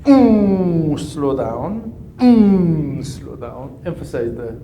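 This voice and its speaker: A man coaching a golf swing, giving calm, repetitive cues and humming through counts. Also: fairly high pitch, extremely slow, faint music behind. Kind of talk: live coaching session. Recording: echoey room with faint ambience.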